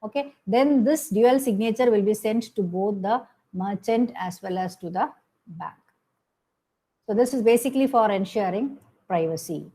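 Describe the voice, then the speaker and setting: A woman's voice: medium pitch, moderate pace, mellow, low-quality recording. A woman giving a recorded lecture, explaining step by step with frequent "okay" and "hmm" fillers and self-corrections.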